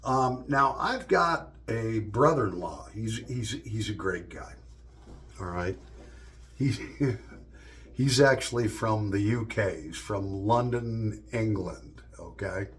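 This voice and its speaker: A man's voice: lowish voice, lively intonation, slow pace, fairly bright tone. A middle-aged man vlogging and telling stories in a loose, profane, joking way. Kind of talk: casual storytelling monologue.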